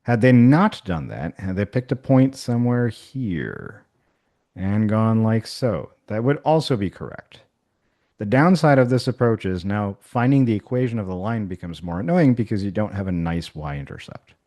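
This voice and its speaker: A man with a lowish voice shows colleagues how a math activity works. He talks casually and thinks aloud, with fillers and restarts. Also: expressive, moderate pace, warm tone. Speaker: math instructor. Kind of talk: workshop software demonstration.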